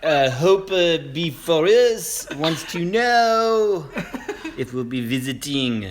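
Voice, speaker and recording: A dad putting on a hammy fake French accent. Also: male voice, a little high, lively intonation, slow, slight background noise, voice pushed up. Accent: mock French accent. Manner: broken English, hesitant fillers, jokey. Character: hammy fake Frenchman, adult male, playful. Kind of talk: joking put-on accent in a family livestream.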